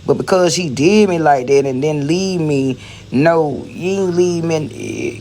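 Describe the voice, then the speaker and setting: A woman's voice: deep voice, moderate pace, darkish tone, a little hiss or hum. A woman ranting bluntly on a phone livestream, rambling and repeating herself as she talks straight to her viewers. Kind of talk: casual livestream rant.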